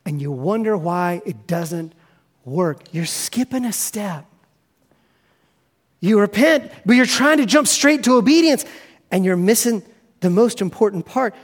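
A male pastor preaching a sermon in a conversational, animated storytelling manner, often saying "man" and "right.". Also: high-pitched, unhurried, long pauses.

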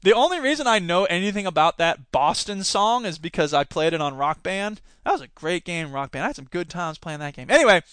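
A man hosting a podcast, giving opinionated solo commentary with animated rants and sarcastic asides. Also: high-pitched, a little fast, few pauses, clear, resonant tone, no room sound. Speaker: podcast host.

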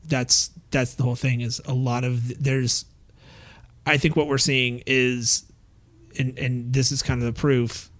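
A man's voice: mid-range voice, little pitch movement, measured pace, a bit bright. A man casually recapping a comic book story, rambling with many fillers and restarts and acting out the characters' quotes.

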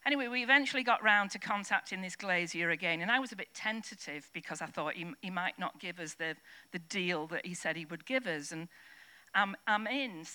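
A woman shares a testimony with her church, her voice bright and forward. She tells it in a chatty, rambling way, restarting sentences and adding asides, speaking into a handheld mic at a service. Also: fairly low pitch, brisk, clear, resonant tone. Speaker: church member sharing a testimony. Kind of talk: personal testimony told to a congregation.

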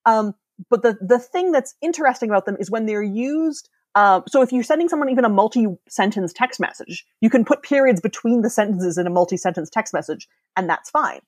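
A woman's voice: a little high, animated, a little fast, no echo. A woman in her thirties, a podcast guest, explaining ideas eagerly in casual chat and laughing often.

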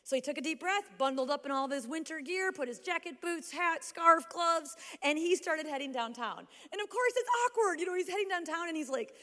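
A woman pastor preaching a sermon in a chatty, animated storytelling way. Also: high voice, a little fast, hardly any pauses. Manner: animated, conversational storytelling with lots of "like". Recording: long hall reverb.

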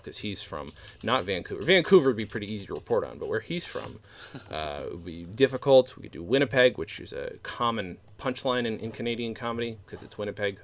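A man co-hosting a comedy podcast in casual, profane, laughing chat. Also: lowish voice. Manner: profane, laughing, jumps into silly put-on voices. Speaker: podcast co-host.

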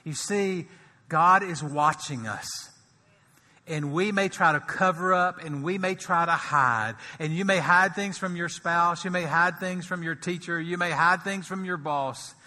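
A man preaching with a very bright, ringing voice and a slightly high pitch. He swings between hushed, slowed passages and loud climaxes, and a long hall reverb trails after him. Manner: swells from soft and slow to loud and high for emphasis. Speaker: pastor. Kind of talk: sermon.

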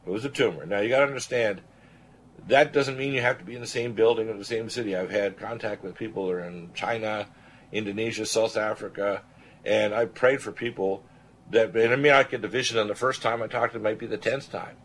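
Fairly quick and husky, the lowish voice of an older radio show host from Canada carries a personal story told with real conviction. He animates it by voicing the people he quotes.

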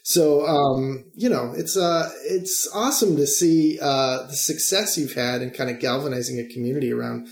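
A man hosts a podcast in a loose, chatty way, stopping now and then to joke. His voice has a gravelly fry to it. The sound picks up a roomy echo. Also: mid-range voice, normal speed, few pauses. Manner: chatty, jokey, prone to fillers. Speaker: podcast host. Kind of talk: casual podcast conversation.

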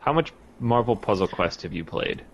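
A man's voice: on the low side, animated, moderate pace, lo-fi sound. A man co-hosting a casual podcast, with dry, teasing questions. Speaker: podcast co-host. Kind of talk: casual chat. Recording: faint background noise.

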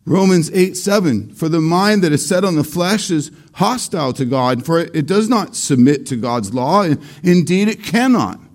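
A man preaching a sermon slowly and deliberately, repeating key phrases for emphasis. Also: on the high side, lively intonation, a little mellow. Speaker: pastor.

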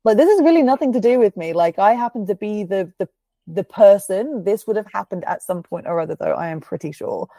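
A woman's voice: mid-range voice, animated, brisk, warm tone, dry recording. A woman hosting a podcast, chatting casually and telling a story with lots of fillers and swearing. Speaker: podcast host. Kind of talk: casual chat.

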